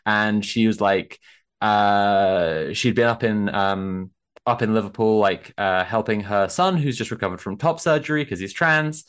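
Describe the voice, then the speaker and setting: A young man telling an animated anecdote in casual conversation, with lots of fillers and swearing. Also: on the low side, a little slow, clean tone. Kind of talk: casual chat, storytelling.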